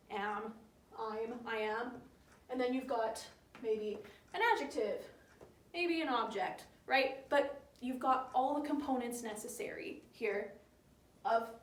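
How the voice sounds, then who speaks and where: A woman's voice: fairly high pitch, echoey room, far from the mic, a little hiss or hum. A young woman teaching grammar in a casual, chatty way, often checking in with her listeners. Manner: chatty, keeps checking in with "right?".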